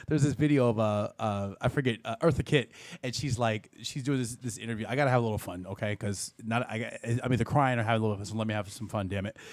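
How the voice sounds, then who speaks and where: A man in his thirties hosting a live call-in show, chatty and animated, swearing and laughing often. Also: on the low side, fast, no room sound. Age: 30s. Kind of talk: casual live-stream talk.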